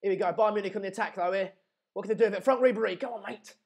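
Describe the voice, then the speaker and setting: A man's voice: sits high, rapid-fire, husky. A young man hosting a live football watchalong stream, calling the play and chatting through viewer comments in a casual, joking way.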